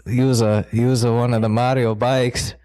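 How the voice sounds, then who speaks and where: A man co-hosting a podcast in loose, comedic chat. He rambles and swears freely as he jokes along, and his voice sits at an ordinary pitch for a man. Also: flat delivery, measured pace, dark tone. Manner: rambling, profane, joking. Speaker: podcast co-host.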